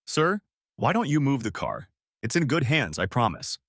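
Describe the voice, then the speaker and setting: A man playing a firm hospital security guard who speaks in a calm, reassuring way. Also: mid-range voice, moderate pace, no room sound, studio quality, full character voice.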